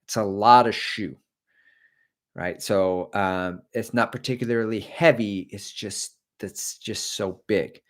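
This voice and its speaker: A man's voice: on the low side, steady tone, slow pace. A middle-aged man hosting a casual livestream, chatting and rambling as he answers viewer comments about running. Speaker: livestream host and running coach. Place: home.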